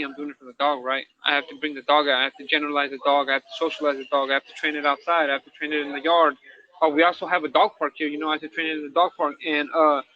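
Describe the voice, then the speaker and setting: Fast-talking man, slangy and rambling. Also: a little high. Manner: rambling, checks in with "right?" and "like", slangy. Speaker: podcast co-host, incarcerated dog trainer. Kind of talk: candid casual conversation. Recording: dull lo-fi sound.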